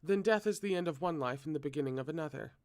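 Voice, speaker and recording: A man's voice: on the high side, fast, a little mellow, lightly acted. A man voicing an impatient young man who answers bluntly. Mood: terse.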